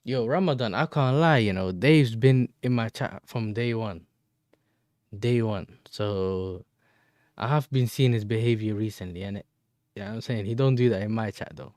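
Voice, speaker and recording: Mellow-voiced man bantering. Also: lowish voice, moderate pace, no echo, clean studio sound. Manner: slangy, bantering, answers chat messages. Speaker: football fan channel host. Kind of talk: casual livestream chat.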